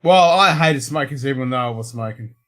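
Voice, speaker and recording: Australian man, middle pitch, blunt, casual, swears a lot. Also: expressive, brisk, fairly bright tone. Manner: blunt, swears constantly, laid-back. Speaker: show host. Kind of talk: casual livestream chat.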